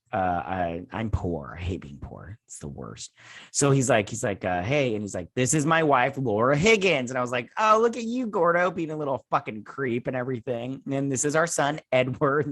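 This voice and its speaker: A man's voice: on the low side, a bit bright, no echo. A man hosting a casual episode recap from home, rambling and sarcastic, leaning on "and everything" and swearing in asides. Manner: rambling, says "and everything" and "he's like" a lot. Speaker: host reviewing a TV episode. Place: home with children playing nearby.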